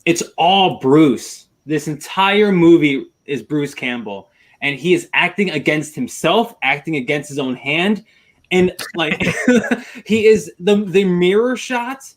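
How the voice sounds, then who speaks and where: Casting: eager podcast panelist, man with a somewhat high voice who gushes and rambles. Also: takes it slowly. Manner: enthusiastic, rambling, repeats himself. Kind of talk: casual film discussion.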